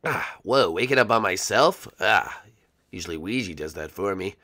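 A man's voice: sits low, expressive, moderate pace, sharp tone, no echo, full character voice. A man voicing a timid, lonely male roommate who stammers and panics in a Minecraft role-play. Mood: nervous. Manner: stammering, nervous, fretful. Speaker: regular character in a series.

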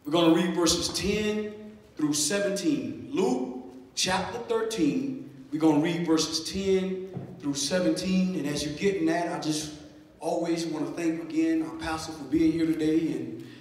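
A high-pitched male minister preaches slowly and deliberately, calling for amens and building to emphatic peaks. His voice rings through a large church with a long, echoing reverb. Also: darkish tone, far from the mic. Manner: call-and-response preaching, rising to emphatic emphasis. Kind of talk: sermon. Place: church sanctuary.

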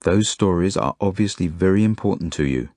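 A man reading an audiobook voices a kind, gentle grown man who cares for orphans, speaking softly and soothingly. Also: sits low, a little fast, no echo, clean studio sound.

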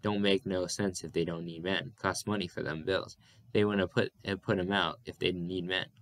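A dignified, stubborn farming father with a firm rural way of speaking, as a man reads him aloud. His voice stays low and deep, pushed a touch louder for emphasis. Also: steady tone, moderate pace.

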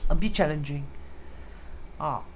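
This woman has a deep, slightly rough voice and speaks at a measured pace. A feng shui teacher with a Singaporean accent, she talks casually on a live stream, using Hokkien and Mandarin words and saying hello to viewers as she explains.

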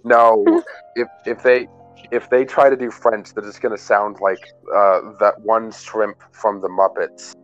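A man with a low voice runs a tabletop game as game master. He narrates dramatic scenes and often breaks into laughter. His voice comes through a dull, muffled voice-chat line. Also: level tone, a little slow, soft background music.

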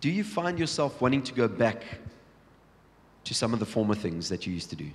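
A man preaching a sermon, telling Bible stories with lively acted-out scenes and frequent restarts. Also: medium pitch, a little fast. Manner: storytelling, acting out Bible scenes, many restarts. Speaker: pastor. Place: large church hall. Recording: long church hall reverb.

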